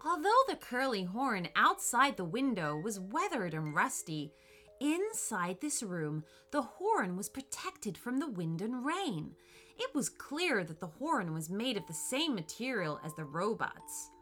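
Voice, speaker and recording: A woman narrating a children's storybook in an expressive, unhurried way. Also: mid-range voice, a little hiss or hum. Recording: soft background music.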